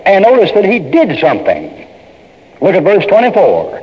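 Male preacher, emphatic folksy sermon delivery; high and lively pitch, muffled lo-fi recording with long reverb. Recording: dull lo-fi sermon tape in a reverberant hall.

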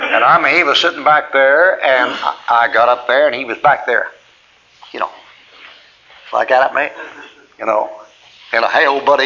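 A man's voice: medium pitch, pushed and bright, lo-fi sound, slight background noise. A man preaching a sermon, telling a personal story in a folksy way and acting out both sides of each conversation.

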